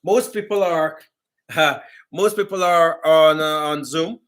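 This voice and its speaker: A man's voice: fairly high pitch, takes it slowly, fairly bright tone. A man hosting a casual chat, speaking conversationally with some hesitant fillers. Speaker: host.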